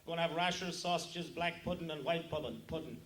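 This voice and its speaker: Irish man telling jokes, high voice. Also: fairly quick, a bit bright. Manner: teasing, chatty, self-mocking. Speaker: joke teller at a luncheon. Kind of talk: stand-up joke telling. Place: luncheon room. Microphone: handheld microphone.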